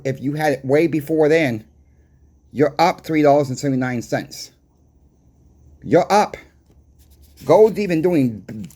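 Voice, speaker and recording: A man's voice: on the high side, dark tone. Man, Boston accent, coin shop owner, casual market report, conversational, emphatic, repetitive. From Boston, USA.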